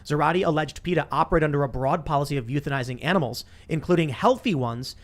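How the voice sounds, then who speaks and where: A man hosting a podcast panel, telling stories in a rambling, quick way with many restarts. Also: a little high. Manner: fast, rambling storytelling with restarts. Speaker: podcast host. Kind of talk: casual panel talk.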